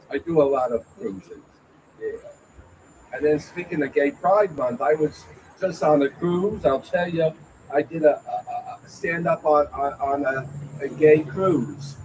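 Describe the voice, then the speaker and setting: A man works through an open-mic stand-up set, stammering and filling gaps with his own chuckles. He talks slowly in a fairly high voice. Faint room ambience sits behind him. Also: darkish tone, a little hiss or hum, poor audio. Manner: halting, stammering delivery with fillers and self-laughs. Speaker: stand-up comedian. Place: small venue at an open mic night.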